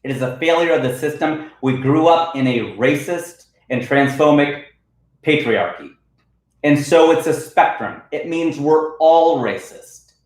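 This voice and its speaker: Animated and casual, a comedian runs his weekly livestream, riffing and reading comments from viewers. His voice leans high and unhurried, with poor audio and an echoey room.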